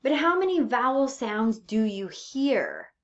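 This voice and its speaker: A woman's voice: fairly high pitch, big pitch swings, slow pace. A woman teacher giving a recorded lesson, speaking patiently and drawing out her example words. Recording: dull lo-fi recording.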